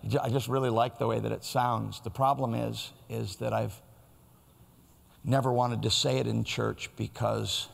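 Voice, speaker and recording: A man's voice: medium pitch, level tone, moderate pace, gravelly, long reverb tail. A man preaching a sermon in a church, in a conversational, storytelling way. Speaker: pastor.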